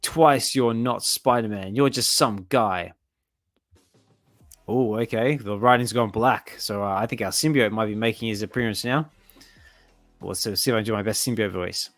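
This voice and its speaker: A man casually reading a comic aloud and reacting excitedly to the panels as a channel host. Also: fairly low pitch, moderate pace, no echo, soft background music.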